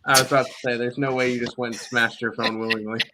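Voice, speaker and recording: A man's voice: mid-range voice, flat delivery, quick pace, heavy background noise. Easygoing male co-host reading picks. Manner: easygoing, reads out viewers' picks. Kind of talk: casual betting picks talk.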